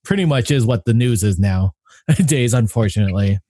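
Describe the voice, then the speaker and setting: A man hosting a casual chat, animated and often laughing as he acts out his reactions. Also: lowish voice, normal speed, no echo, clean studio sound. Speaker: podcast host.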